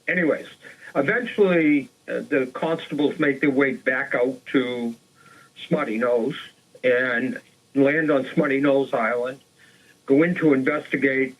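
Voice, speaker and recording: A man's voice: mid-range voice, rough recording. Man retelling a true crime story. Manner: casual retelling with fillers and restarts. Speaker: co-host.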